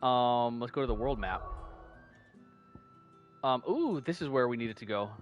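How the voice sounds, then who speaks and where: Streamer: a man with rambling casual game commentary, soft game music behind him. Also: mid-range voice, animated, measured pace, lo-fi sound. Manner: chatty, rambling, many fillers and restarts. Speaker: gaming streamer. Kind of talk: casual let's-play commentary.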